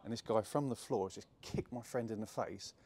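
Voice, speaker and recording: A man's voice: fairly low pitch, fairly quick, darkish tone. A young man telling a personal story to camera in a casual, chatty way, full of fillers and restarts. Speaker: jiu-jitsu gym owner telling a story.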